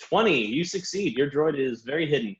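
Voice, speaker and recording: A man's voice: a little high, expressive, fairly quick. A man as game master, narrating a tabletop game scene in descriptive detail with many fillers. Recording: dull lo-fi recording.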